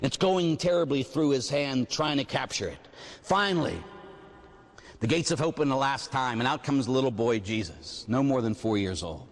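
Animated male preacher in echoing hall. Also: medium pitch, moderate pace. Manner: animated, frequent "huh?" asides. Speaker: retreat preacher. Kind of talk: storytelling sermon. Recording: long echoing hall reverb.

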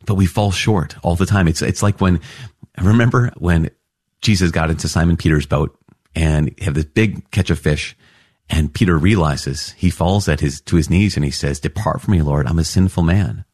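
A man's voice: low voice, normal speed, darkish tone, no room sound, clean studio sound. A man giving an enthusiastic Catholic reflection on scripture, exclaiming with wonder as he explains.

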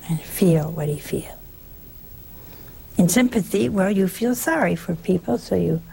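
A woman's voice: mid-range voice, vocal fry, darkish tone, husky. A woman giving a conversational sermon in a folksy way, often turning to the listeners with rhetorical questions. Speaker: preacher.

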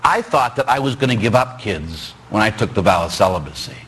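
Man, priest, husky, sermon, animated storytelling. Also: on the low side, fairly quick. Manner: animated storytelling, acts out dialogue, bursts into shouts. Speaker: Catholic priest.

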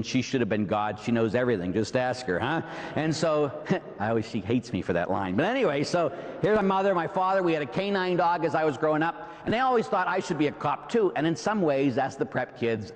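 A man's voice: mid-range voice, expressive, brisk, long reverb tail. A man with a Pittsburgh accent preaching a Catholic sermon, full of rhetorical "huh?" and "right?" asides. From Pittsburgh, USA. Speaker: Catholic priest.

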